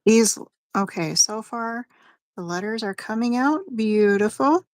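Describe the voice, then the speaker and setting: A woman co-hosting a casual livestream with her sister, joking easily and quick to agree. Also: fairly high pitch, darkish tone, slight background noise. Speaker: co-host and sister. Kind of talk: casual live chat.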